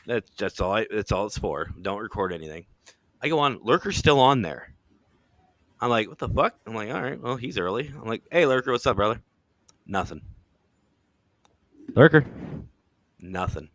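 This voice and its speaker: A man hosting a podcast, telling stories in a relaxed, joking way, swearing freely and laughing often. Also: fairly low pitch, fairly quick, dry recording. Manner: laid-back, swearing, laughing storyteller. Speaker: podcast host. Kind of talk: casual chat.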